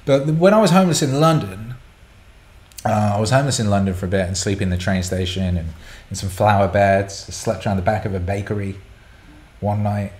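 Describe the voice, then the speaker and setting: Candid rambling man, slightly low voice. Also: brisk, a little mellow. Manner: candid, rambling storytelling with repeated words. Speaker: podcast host answering listener questions. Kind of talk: casual chat.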